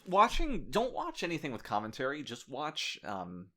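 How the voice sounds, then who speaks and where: A man hosting a casual podcast chat, telling animated stories with crude, irreverent humor. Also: on the high side, moderate pace. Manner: animated storyteller, acting out quoted people. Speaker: podcast host.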